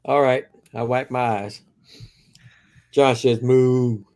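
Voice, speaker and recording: A man's voice: medium pitch, steady tone, a little mellow. A man reading viewer comments aloud on a live stream, giggling often. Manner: giggly, reads comments slowly. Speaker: co-host reading chat. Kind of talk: casual live stream chat.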